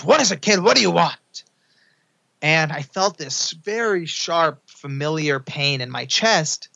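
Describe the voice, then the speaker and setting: Young male guest storyteller, bright forceful voice, dull lo-fi sound, acts out quotes. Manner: acts out quotes in a high excited voice. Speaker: podcast guest, author. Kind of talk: animated storytelling.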